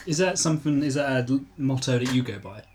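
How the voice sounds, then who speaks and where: A woman's voice: very deep voice, quick pace, a little mellow, slight background noise. A woman co-hosting a podcast, chatting casually with dry, playful questions. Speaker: podcast co-host. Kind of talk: casual chat.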